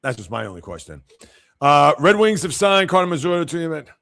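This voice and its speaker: A male sports host riffing on a livestream with blunt, opinionated takes. His voice sits a bit high and carries a gravelly rasp. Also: very animated, fast talker, pushed and bright. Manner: blunt, opinionated, reacts to chat. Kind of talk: casual livestream commentary.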